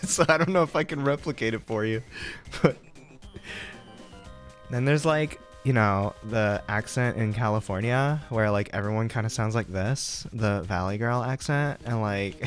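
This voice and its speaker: A man's voice: mid-range voice, unhurried, soft background music. A young man streaming a game and chatting casually, rambling with lots of fillers and laughs. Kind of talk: casual chat while playing.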